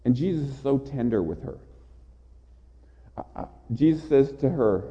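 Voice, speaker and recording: A man's voice: medium pitch, expressive, normal speed, pauses often, warm tone. A man preaching a sermon with passion, often stammering over his words as he builds up. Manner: impassioned, with repeated stammered restarts. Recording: dull sound in a large reverberant hall.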